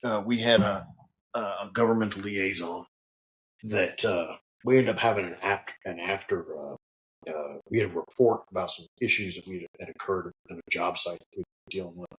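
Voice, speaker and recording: Man telling an animated, profane story. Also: deep voice, normal speed, rough recording. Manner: animated, profane, frequent restarts. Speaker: guest, head distiller. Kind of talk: casual storytelling.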